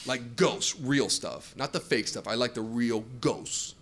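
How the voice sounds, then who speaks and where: A male stand-up comedian who tells his jokes in an animated way and acts out customers and counter workers, on a comedy club stage. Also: mid-range voice, a little slow. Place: comedy club stage before a laughing crowd. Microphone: handheld stage mic. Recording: live club audience laughter.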